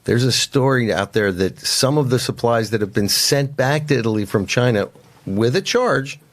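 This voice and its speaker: A man's voice: medium pitch, animated, normal speed. A man co-hosting a political talk show, speaking in a pointed way and appealing directly to listeners.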